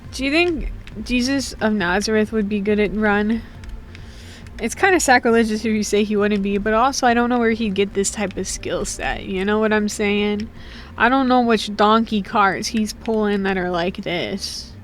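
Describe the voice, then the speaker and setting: A woman's voice: mid-range voice, moderate pace, a little hiss or hum. A woman giving casual, joking, rambling commentary while playing a game, full of slang. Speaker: gaming streamer.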